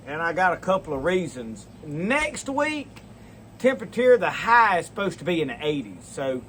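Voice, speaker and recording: A man's voice: sits high, fairly bright tone, slight background noise. A man hosting a casual outdoors vlog, rambling in a folksy way and talking straight to his viewers. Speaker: outdoors channel host. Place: outdoors in a dry yard.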